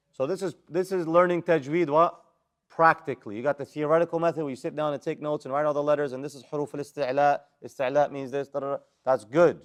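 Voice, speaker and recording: A man with an American accent teaching Quran recitation rules, drilling students with questions and recited Arabic letters. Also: fairly high pitch. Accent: American English. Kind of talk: live classroom lesson.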